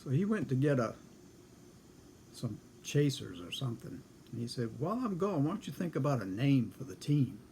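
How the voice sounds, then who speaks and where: A man's voice: medium pitch, big pitch swings, normal speed, vocal fry, warm tone, a little hiss or hum. A man telling a casual story in a folksy, dry way, acting out both sides of a conversation. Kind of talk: casual spoken anecdote.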